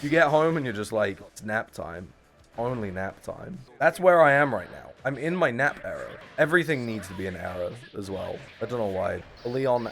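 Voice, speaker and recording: A man's voice: mid-range voice, vocal fry. A man in his twenties streaming a fighting game, chatting casually and joking at his own expense with his viewers. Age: 20s. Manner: rambling, jokey and self-mocking, talking to chat.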